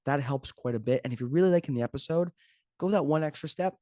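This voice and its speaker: Speaking fast in a fairly high, mellow voice, this man runs his own podcast as a fitness coach. The talk is casual and solo, full of off-the-cuff joking, captured in studio quality without any echo.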